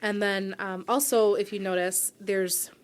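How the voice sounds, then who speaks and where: A woman's voice: medium pitch, level tone, measured pace, clean tone. Earnest, reflective woman in her forties. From New York, USA. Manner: earnest and reflective, often asking "right?". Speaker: guest, publisher and founder. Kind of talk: radio interview, personal story. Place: radio studio.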